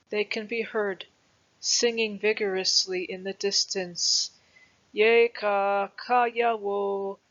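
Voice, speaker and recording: A woman narrating a historical text in a measured, deliberate reading voice. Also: mid-range voice, muffled recording. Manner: slow, deliberate, even delivery.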